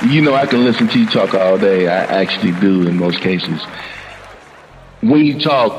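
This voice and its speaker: A man hosting a podcast panel, praising his guests warmly and stumbling over repeated words. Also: fairly low pitch, animated, normal speed, big-room sound, muffled recording, faint music behind. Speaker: podcast host. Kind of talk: emotional panel introduction.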